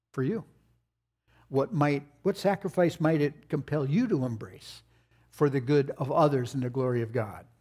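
A man's voice: on the high side, a little mellow, slightly rough. An older man preaching a sermon, telling folksy family stories with playful asides. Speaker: pastor.

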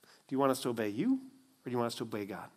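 Brief: steady, hushed apostle, slow and resolute, voiced by a male preacher. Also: fairly high pitch, natural voice. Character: calm, firm male apostle.

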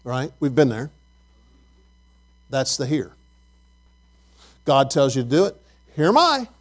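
A man's voice: medium pitch, fairly even intonation, slow, a little mellow. A man preaching a Bible lesson, asking his listeners questions and often repeating words as he goes.

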